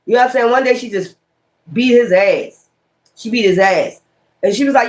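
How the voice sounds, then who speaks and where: A woman's voice: fairly high pitch, expressive, normal speed, darkish tone. A woman giving a casual tarot reading in a blunt, rambling, slangy way, swearing freely and repeating key words. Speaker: tarot reader.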